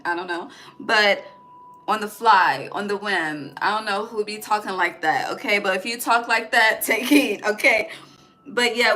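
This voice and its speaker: A woman's voice: mid-range voice, bright, forceful tone, slight background noise. A woman giving a casual tarot reading, blunt and profane, often ending her points with "okay?". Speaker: tarot reader.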